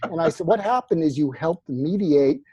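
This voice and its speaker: A man, a psychiatrist guest who tells animated anecdotes in an interview, acting out the quoted lines. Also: fairly high pitch, normal speed, breathy edge, no echo. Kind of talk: storytelling interview answers.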